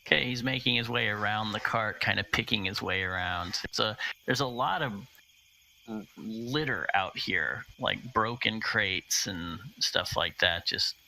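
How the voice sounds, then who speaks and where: A man runs a tabletop fantasy game, narrating scenes and walking his players through combat rules. He talks slowly and haltingly, with frequent fillers and restarts. His voice sits on the low side and is gravelly, yet very bright in tone. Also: a little hiss or hum, poor audio. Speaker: game master.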